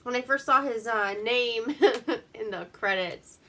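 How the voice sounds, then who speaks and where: A giggly woman from Alaska rambles through a movie recap at home, swearing freely and piling up fillers. She talks unhurriedly, with a bright, forward tone. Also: a little high, takes it slowly. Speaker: movie reviewer host.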